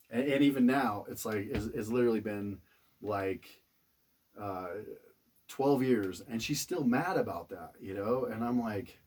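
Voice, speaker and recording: A man's voice: mid-range voice, normal speed, a little mellow, breathy edge, recorded from a distance. A man casually telling a funny personal story, rambling with lots of fillers, restarts and chuckles.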